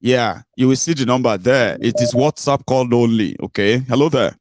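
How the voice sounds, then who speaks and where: A man's voice: medium pitch, normal speed, no room sound. A Nigerian man hosting a call-in show, talking with callers in a conversational way, with fillers and asides. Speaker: host. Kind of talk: phone-in talk show.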